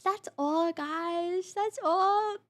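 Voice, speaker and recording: A young woman streaming as a VTuber, chatting casually with her viewers in a giggly, excitable way, often restarting and stammering. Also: very high-pitched, very slow. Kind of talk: casual live-stream chat.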